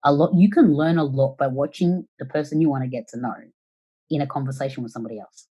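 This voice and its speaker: A woman guest on a podcast giving casual conversational advice, animated and acting out quoted reactions, swearing now and then. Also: rumbling low, quick pace, slightly rough, muffled recording.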